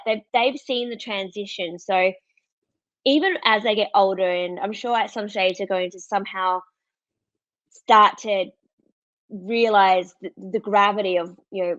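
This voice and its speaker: A woman's voice: mid-range voice, unhurried, no echo. An Australian woman in her thirties tells a personal story in candid, casual chat, laughing often and acting out what others said. Her voice sits close and dry, with a slightly dull, muffled sound. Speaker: podcast guest.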